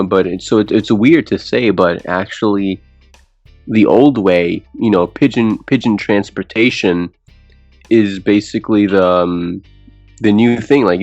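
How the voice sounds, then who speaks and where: A man's voice: on the low side, a little mellow, dry recording. A young man co-hosting a casual podcast, rambling with many restarts and frequent laughs. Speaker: podcast co-host. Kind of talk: casual chat. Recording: dull lo-fi podcast audio with faint music.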